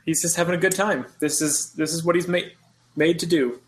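A man's voice: on the high side, fairly even intonation, fairly quick, poor audio. A man watching a film with a friend, making laid-back dry jokes. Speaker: movie riff co-host. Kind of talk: casual movie commentary.

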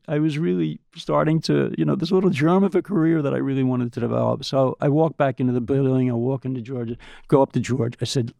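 An older man with a gravelly, fry-laced voice spins anecdotes on a podcast, slipping into the voices of the people he quotes. The sound is dry and close, with no room around it. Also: medium pitch, no echo. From United States. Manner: lively storyteller who acts out quoted voices and repeats words. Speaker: podcast guest. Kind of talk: anecdotal storytelling.

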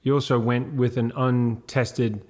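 A male interviewer guiding a conversation with a filmmaker. He asks short questions and nudges the story along with brief remarks. His voice sits at a middle pitch. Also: level tone, unhurried, a little mellow, slight background noise. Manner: prompting questions, short affirmations.

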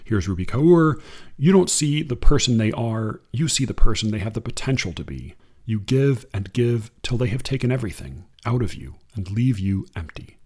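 A man commenting on poetry, reading quotes aloud in a measured, hesitant way. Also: mid-range voice, lively intonation, darkish tone, slightly rough. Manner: measured, hesitant, restarts often.

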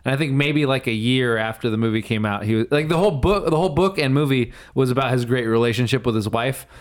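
A man's voice: medium pitch, quick pace. Man, casual podcast chat, rambling, reads a passage aloud. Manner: rambling, lots of fillers, laughs often. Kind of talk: casual chat, reading a blog excerpt aloud.

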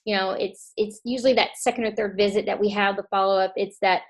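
A woman chats as a podcast guest, her pitch sitting in the middle of the range. She talks in a relaxed, warm way and often starts sentences over, with plenty of fillers. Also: fast talker. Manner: warm, chatty, many restarts and fillers. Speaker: chiropractor guest. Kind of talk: casual podcast interview.

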